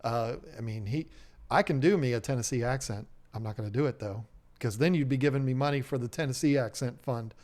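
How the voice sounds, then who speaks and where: A man co-hosting a live stream about aquarium fish, reading viewer messages and rambling through jokes and stories in an excitable, chatty way. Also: medium pitch, brisk. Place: fish shop owner's live stream setup.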